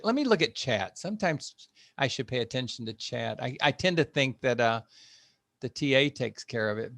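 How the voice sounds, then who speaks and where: A man's voice: mid-range voice, fairly bright tone, no room sound, clean studio sound. An older man, a fitness instructor, wrapping up an online class in a chatty, encouraging way with plenty of fillers over a video call. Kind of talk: online class wrap-up talk.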